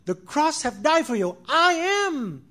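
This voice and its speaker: A man voicing God within his sermon, pleading with reproachful questions in a high voice. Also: lively intonation, normal speed, bright, forceful tone, heavily acted. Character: sorrowful, pleading God addressing humanity.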